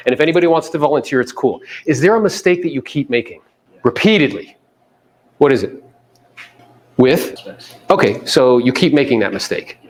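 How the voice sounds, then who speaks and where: A man giving a live motivational seminar to a room of agents, quizzing the audience and mimicking people in playful voices. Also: a little high. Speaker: real estate coach speaking to agents.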